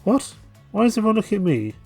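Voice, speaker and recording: A man voicing a sulky, scornful young goth woman in a game, in a put-on high voice. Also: lively intonation, a little fast, a little mellow, faint music behind. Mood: defensive.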